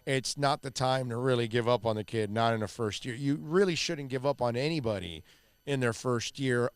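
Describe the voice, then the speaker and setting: A man's voice: medium pitch, clear, resonant tone, no room sound. A man hosting a sports radio show in a loose, chatty way, with a Miami accent and lots of fillers. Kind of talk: casual sports radio talk.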